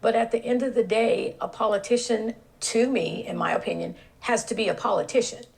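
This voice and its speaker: Woman on a debate panel, very gravelly voice, plainspoken. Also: a little high, fairly quick, rough recording. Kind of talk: casual debate talk.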